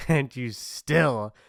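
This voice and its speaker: A man's voice: medium pitch, drawn-out words, gravelly, fairly bright tone, no echo, clean studio sound, heavily acted. A man voicing a mean, teasing popular bully in an ASMR role-play, mocking and laughing often. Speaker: voice actor.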